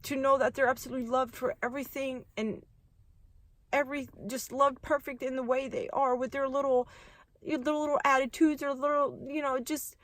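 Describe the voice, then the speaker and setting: A woman's voice: on the high side, no room sound. A woman in her thirties telling a heartfelt faith story in a casual, rambling vlog. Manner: earnest, heartfelt, rambling with restarts. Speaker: vlogger sharing a faith testimony.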